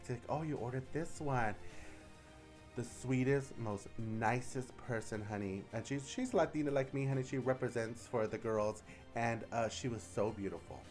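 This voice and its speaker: A young adult man, a drag queen vlogger, telling stories in a sassy, animated way and often squealing into high voices for quotes. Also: normal speed, soft background music. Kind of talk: casual chatty vlog storytelling.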